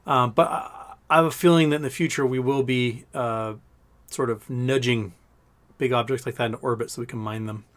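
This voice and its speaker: A man's voice: medium pitch, steady tone, brisk, a bit bright. A man hosting a casual livestream with a slightly scratchy throat, rambling and joking as he reads out viewer questions. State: scratchy throat after illness. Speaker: livestream host.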